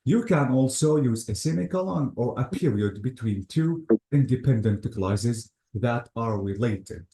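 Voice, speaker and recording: A man's voice: medium pitch, expressive, a little slow, warm tone. A man teaching English grammar in a methodical classroom style, walking through examples step by step and leaning on words like "notice" and "absolutely". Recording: echoey room.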